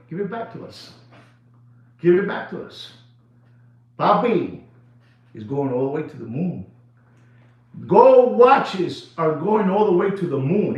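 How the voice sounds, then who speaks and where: This watch dealer's voice sits high as he hosts a video with a lively, improvised monologue, full of repetition, shouting, laughter and bits of Spanish. The sound is dull, bouncing around an echoey room.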